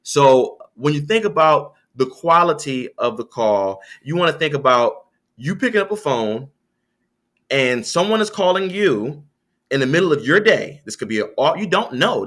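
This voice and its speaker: A man being interviewed as a sales coach, talking in a conversational coaching way, animated, with frequent restarts. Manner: animated, lively pitch swings, frequent restarts. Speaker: guest, sales coach and author.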